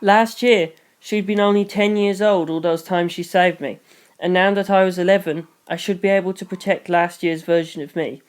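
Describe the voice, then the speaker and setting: A reader narrating a novel in first person, brisk with wry asides. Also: mid-range voice, steady tone, clear, resonant tone.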